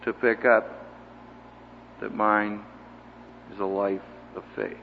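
A man, a seminary teacher, preaching in a lively storytelling way with wry humor and acted-out voices. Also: lowish voice, takes it slowly, gravelly. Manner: animated, acts out voices in his stories, wry humor. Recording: echoey hall, dull lo-fi tape with faint hiss.

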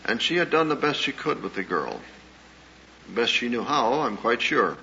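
A man giving a sermon-style talk as a pastor and counselor, telling stories in an earnest, measured way with small hesitations. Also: mid-range voice, sing-song, gravelly, sharp tone. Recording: dull lo-fi old recording with faint hiss.

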